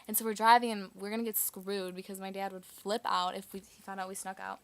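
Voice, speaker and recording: A woman's voice: medium pitch, steady tone, fast, hardly any pauses, a bit bright, dry recording. A woman casually telling a personal story, chatty and full of "like" fillers.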